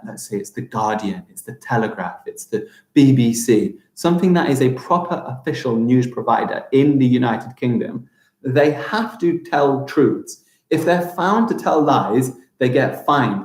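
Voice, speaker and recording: Brief: young male primary teacher, mid-pitched, animated for kids, in a roomy echoey space. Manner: animated, exaggerated pronunciation for children. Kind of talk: live online lesson for young children.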